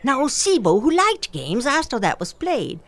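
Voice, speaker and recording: A woman telling a folktale aloud, expressive and rhythmic, with repeated phrases. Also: high voice, moderate pace. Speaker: storyteller. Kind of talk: oral folktale storytelling.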